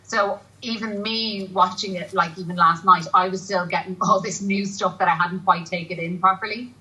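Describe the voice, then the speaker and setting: Bright-voiced chatty actress. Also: female voice, mid-range voice, fairly even intonation, normal speed, distant mic, rough recording. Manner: chatty, laughing often, rambling with restarts. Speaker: actress guest. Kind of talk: casual TV chat. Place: TV studio.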